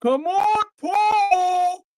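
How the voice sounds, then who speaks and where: A man putting on the loud shouting voice of another man, heckling a player by name. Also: very high voice, extremely slow, very noisy, voice pushed up, full character voice. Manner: shouting, taunting. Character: loud courtside superfan impression, adult man, heckling.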